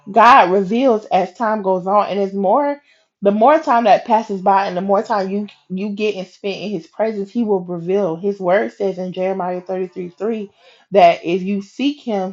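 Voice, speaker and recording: A woman hosting a faith podcast, telling a personal story in a lively, chatty way and acting out the lines of each person in it. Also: medium pitch, lo-fi sound. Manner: animated, acts out her own and others' quoted lines; casual and chatty, talks straight to listeners. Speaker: podcast host.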